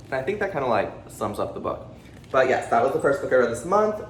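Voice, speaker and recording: A chatty, excitable man rattles off a casual monthly book rundown at a fast clip, jittery and swearing freely. His voice sits at an ordinary middle pitch and echoes around the room, with a faint hum of noise behind him. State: jittery from pre-workout drink. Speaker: book channel host. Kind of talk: casual monthly reading wrap-up. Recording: roomy echo with faint background noise.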